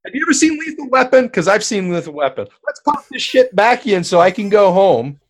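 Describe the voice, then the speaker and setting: Animated man telling a story. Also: sits high, a little fast. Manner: animated, swears freely, acts out quotes loudly. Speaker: podcast co-host. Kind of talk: casual comedic storytelling.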